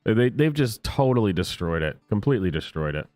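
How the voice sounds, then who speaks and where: A low-voiced man riffs sarcastically on clips he is watching, often breaking into laughter. His voice sits dry and close, with faint music under it. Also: very animated, a little fast, a little mellow, dry recording. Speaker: reaction video host. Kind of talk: comedic reaction commentary.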